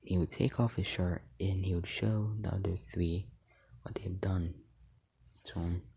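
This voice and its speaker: A man tells a made-up fan story in a deep, slow, unhurried way. His voice is gravelly and husky, with a dark, mellow tone. He rambles and stops to think, and often drops to a half-whisper. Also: steady tone. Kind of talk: casual improvised fan story narration.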